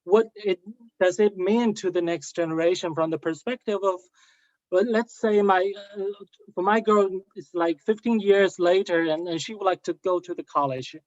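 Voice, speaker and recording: A man who researches AI, speaking on an online panel. He talks haltingly, with many fillers and restarts. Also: high-pitched, dry recording, muffled recording. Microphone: video call.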